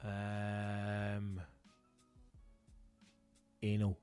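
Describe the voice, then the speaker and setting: A man's voice: on the low side, completely flat delivery, drawn-out words, loud music behind the voice. Sweary Scottish man, rambling podcast host. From Scotland. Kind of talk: casual comedic podcast monologue.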